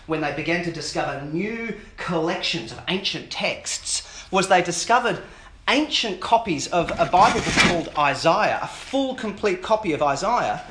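Male preacher, high bright voice, animated sermon delivery, echoey hall. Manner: animated, joking asides with the audience. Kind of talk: Easter sermon. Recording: roomy hall with faint ambience.

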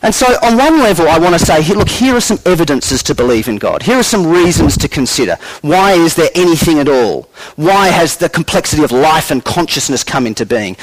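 A man giving a sermon in a conversational, animated way, acting out quoted voices along the way. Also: fairly high pitch, fairly quick, hardly any pauses, rough recording. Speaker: preacher.

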